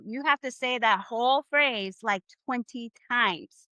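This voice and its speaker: A woman with a high, bright voice leads a live online Spanish class. She is upbeat and encouraging, drawing phrases out slowly for her students to repeat. Her sound is dry and close, as on a video call. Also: clear, resonant tone, dry recording. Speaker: Spanish teacher.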